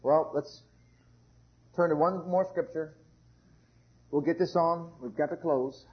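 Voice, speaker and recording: High-voiced fervent male preacher, lo-fi. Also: steady tone, slow pace. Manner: fervent, swings from loud exclamations to low murmurs. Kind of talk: sermon. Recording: muffled lo-fi sermon recording.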